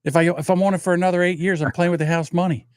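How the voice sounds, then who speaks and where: A man's voice: high-pitched, fairly even intonation, racing, no echo. Guy in his 60s hosting a stream, rambly swearing storyteller, dry close sound. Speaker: livestream host. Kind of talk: casual chat.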